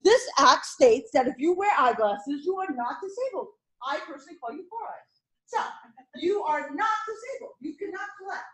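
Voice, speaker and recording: A woman teaching an insurance licensing class, drilling terms over and over and firing questions at her students. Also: high-pitched. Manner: animated, repetitive drilling with quick questions to students. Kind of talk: classroom exam-prep lecture.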